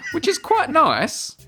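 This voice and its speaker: A man's voice: very high voice, huge pitch swings, very slow, bright, forceful tone. Laughing man reading listener messages. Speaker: podcast co-host. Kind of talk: casual chat.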